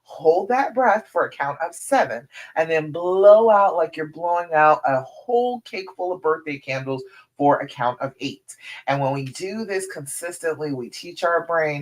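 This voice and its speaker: Woman coach, lowish voice, encouraging, counts breaths aloud, live-stream coaching. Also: animated, moderate pace. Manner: addresses listeners directly as ladies and girl. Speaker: relationship coach.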